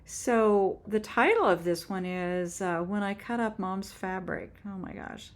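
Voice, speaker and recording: A woman in her seventies telling a heartfelt personal faith story on her own channel, halting and earnest with frequent restarts. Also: medium pitch. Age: 70s. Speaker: author and YouTuber. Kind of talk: personal faith testimony vlog.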